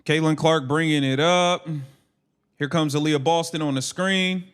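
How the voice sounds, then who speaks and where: High-pitched brash streaming commentator. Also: male voice, steady tone, fairly bright tone, clear, resonant tone. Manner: brash, swearing, mocking and laughing at players; rapid clipped play calls. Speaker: livestream play-by-play host. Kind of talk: casual play-by-play commentary.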